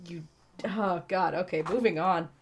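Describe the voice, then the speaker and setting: A woman's voice: on the low side, measured pace, muffled recording, slight background noise. A woman co-hosting a comedic book read-along, reading aloud with profane, laughing asides.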